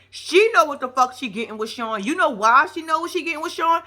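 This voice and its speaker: A brash, profane woman rants her reactions to a reality show. Her voice sits a little high and sounds bright and forceful, and she tells the story in an animated, gossiping way. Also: fairly quick, few pauses. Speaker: reality TV commentator. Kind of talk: casual reaction commentary.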